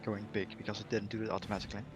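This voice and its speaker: A man's voice: on the low side, little pitch movement, racing, over music. A man playing a tabletop game, speaking casually and often asking about the rules. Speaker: player.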